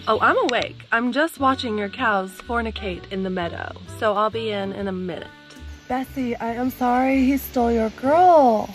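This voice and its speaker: A young woman with a high, bright-toned voice jokes her way through a casual vlog, crude and playful. She talks outdoors on a rural morning, music running softly behind her. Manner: joking, crude, playful commentary. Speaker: vlogger host.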